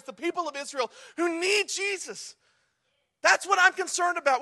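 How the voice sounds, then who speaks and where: A man's voice: extremely high pitch, sharp tone. A man preaching a sermon, conversational and humorous with earnest, impassioned stretches. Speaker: pastor.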